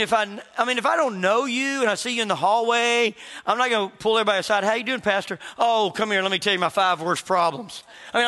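A man with a high, bright, ringing voice preaches a sermon from the pulpit. He tells stories with lively energy and slips into other people's voices. His words ring out with a long reverb in the church. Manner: animated storytelling, acts out quoted voices. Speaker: pastor.

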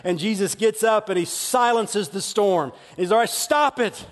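A man's voice: high-pitched, unhurried. A man preaching a sermon with emphatic delivery, often acting out quoted voices. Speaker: pastor. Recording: long hall reverb.

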